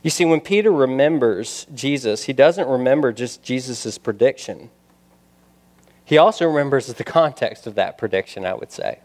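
A male pastor preaching a sermon, building to loud emphatic passages and dropping to quiet, pointed asides. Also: medium pitch, lively intonation, normal speed.

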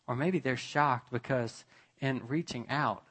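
A man delivers a sermon at an unhurried, deliberate pace, leaving long pauses between phrases. His voice sits at an ordinary middle pitch, climbing sharply and growing loud at emphatic moments before falling back to near-whispered quiet. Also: breathy edge. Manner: slow, with long pauses, rising to emphatic peaks. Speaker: pastor.

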